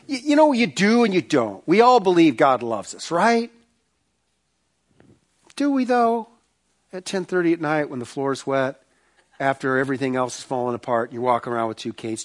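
A man preaching a sermon, telling a personal story with animated bursts, quiet asides and rhetorical questions to the congregation. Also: fairly high pitch. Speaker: pastor.

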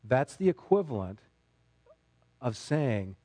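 A man preaching a sermon as a pastor, emphatic, dropping low and rising to loud, intense stretches. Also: expressive, measured pace. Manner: emphatic, swings between quiet and loud.

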